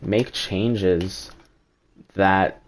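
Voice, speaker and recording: A man's voice: low voice, fairly even intonation, extremely slow. A man streaming a game, rambling through his opinions in casual chat and swearing now and then. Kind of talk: casual live-stream commentary.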